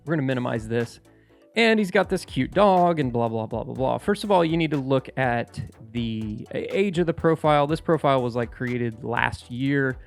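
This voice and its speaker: A man with a gravelly, fry-edged voice at a mid pitch talks through a screen-share tutorial. He rambles conversationally and often restarts his sentences. Faint music plays underneath. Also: lively intonation, normal speed. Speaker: real estate investor and channel host.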